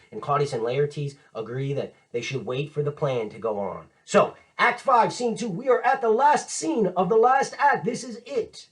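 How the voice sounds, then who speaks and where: A man teaching literature in a casual lecture, retelling a play in modern slang. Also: a little high. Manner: chatty, paraphrases quotes in modern slang, lively and animated.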